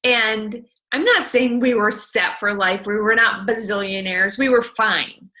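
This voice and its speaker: A middle-aged woman speaking as an interview guest, telling her business story with passionate, animated enthusiasm. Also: medium pitch, a little slow, rough recording. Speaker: network marketing distributor, guest. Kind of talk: enthusiastic motivational interview talk.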